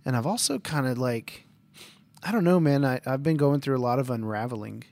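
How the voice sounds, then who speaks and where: A man's voice: mid-range voice, lively intonation, brisk, vocal fry, a little mellow, no room sound. A man co-hosting a casual talk about faith, speaking hesitantly and repeating words as he searches. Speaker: podcast co-host.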